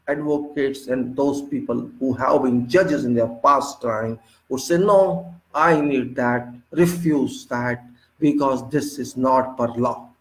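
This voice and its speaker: A fairly high-pitched man with an Indian accent lectures off the cuff on engineering practice. He speaks forcefully and with indignation, firing rhetorical questions to drive home each point. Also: reverberant, poor audio. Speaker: civil engineering instructor. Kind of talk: unscripted lecture monologue.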